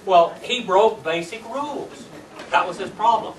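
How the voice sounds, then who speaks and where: A man's voice: high-pitched, expressive, unhurried, far from the mic, crowd noise. An older man teaching a Sunday school Bible class, quizzing his students with folksy tag questions. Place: church classroom. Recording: echoey room recorded from afar, faint hiss.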